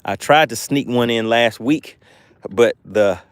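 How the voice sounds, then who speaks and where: A man from Georgia with a Southern US accent hosts a fishing livestream outdoors by the water, chatting casually with viewers and reading their comments. His medium-pitched voice is clean in tone and measured in pace, and the recording is dry.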